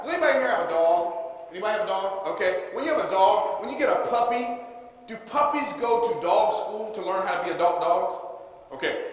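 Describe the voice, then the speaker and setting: A man's voice: sits high, a bit bright. A man giving a motivational seminar talk, energetically getting the audience to call back and repeat his lines. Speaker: seminar speaker. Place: large conference hall. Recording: echoey hall, faint room noise.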